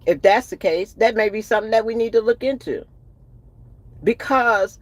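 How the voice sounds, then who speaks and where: A woman's voice: fairly high pitch, moderate pace, no room sound. Indignant woman trucker venting. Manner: emphatic and indignant, retelling conversations with rising outbursts. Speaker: truck driver. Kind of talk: ranting vlog storytelling. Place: in or by a truck at a roadside.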